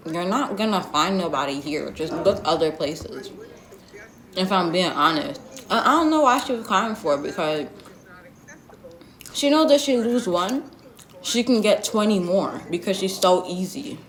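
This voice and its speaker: A woman's voice: lowish voice, animated, a little slow. A young woman telling a storytime vlog in a blunt, sassy, slangy way, full of asides. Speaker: vlogger. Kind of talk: storytime vlog, casual gossip. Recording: roomy echo.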